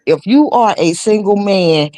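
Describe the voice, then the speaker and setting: A woman's voice: medium pitch, lively intonation, a little slow, mellow, no echo. Blunt woman giving opinions, dry sound. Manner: blunt and emphatic, laying out her opinion. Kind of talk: casual opinion talk.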